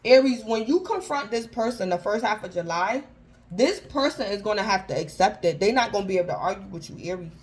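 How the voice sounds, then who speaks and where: A woman's voice: mid-range voice, animated, brisk, rough recording. A woman giving a casual tarot reading, talking informally and keeping up a running address to her listener by star sign. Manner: chatty, keeps calling out the sign by name; informal slangy phrasing with frequent restarts. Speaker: tarot reader.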